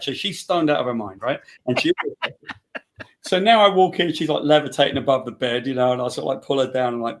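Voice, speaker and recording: A man's voice: mid-range voice, a little fast. A man, a guest writer, telling a funny anecdote in casual chat, acting out the quotes. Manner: animated anecdote teller, acts out quotes. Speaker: guest, comic book writer.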